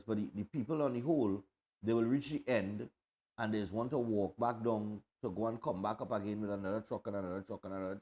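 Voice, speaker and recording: A man's voice: medium pitch, darkish tone. A man with a Trinidadian accent hosting a morning show, chatting casually over parade footage, rambling with fillers and restarts.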